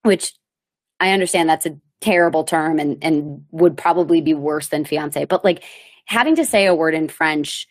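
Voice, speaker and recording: A thirty-year-old woman and comedian hosting her podcast, chatting casually with a rambling, self-mocking manner and sudden animated bursts. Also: sits low, moderate pace. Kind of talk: casual solo chat. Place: lives in New York.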